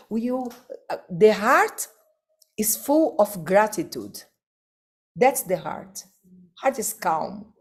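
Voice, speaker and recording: Slow, emphatic woman giving a devotional class. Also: mid-range voice, darkish tone, slightly rough. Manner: slow, emphatic, rhetorical questions, non-native phrasing. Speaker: spiritual teacher.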